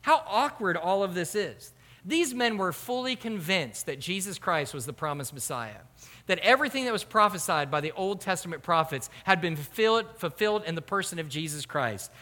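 A man preaching a sermon as pastor, animated and rhetorical. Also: sits high, moderate pace. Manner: animated, rhetorical, acts out quoted voices. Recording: hall reverb.

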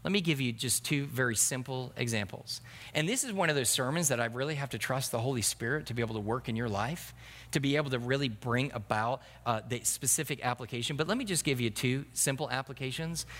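Animated preacher in a reverberant hall. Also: male voice, mid-range voice, brisk. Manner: animated, acts out congregants' voices. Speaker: pastor. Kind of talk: sermon.

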